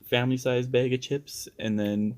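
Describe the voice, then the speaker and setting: A man's voice: medium pitch, little pitch movement, moderate pace, a little mellow. A young man on a podcast, talking casually with crude jokes and frequent laughs. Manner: laid-back, crude joking, laughs often. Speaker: podcast co-host. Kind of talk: casual chat.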